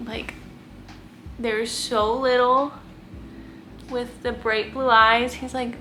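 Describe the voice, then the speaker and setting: A woman's voice: on the high side, fairly even intonation, takes it slowly, sharp tone, slight background noise. A young woman chatting casually in her guest room, full of "like" and cooing baby talk. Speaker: vlogger fostering kittens. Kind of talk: casual chat to camera.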